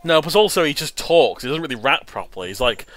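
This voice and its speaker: A man hosting a casual movie riff commentary, animated and laughing, often restarting his sentences. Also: fairly high pitch, quick pace. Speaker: host.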